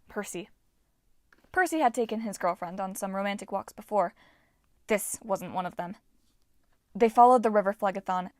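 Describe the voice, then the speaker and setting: A woman's voice: mid-range voice, dry recording, clean studio sound. A woman narrating an audiobook expressively, giving each character a voice.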